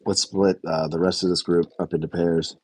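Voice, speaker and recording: A low, husky man talks through a reality TV episode in loose, rambling chat. He corrects himself mid-sentence and drops the odd curse with a chuckle. The recording is dry and close. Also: little pitch movement, moderate pace, a little mellow, no echo. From United States. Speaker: reality TV reviewer. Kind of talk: casual reaction review chat.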